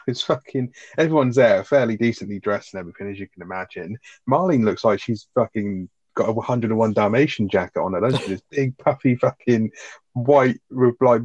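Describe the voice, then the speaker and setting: A man chatting casually on a podcast, retelling sitcom scenes with swearing and quick asides. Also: medium pitch, darkish tone, no room sound, highs cut off. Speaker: podcast co-host. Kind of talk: casual chat reviewing a sitcom episode.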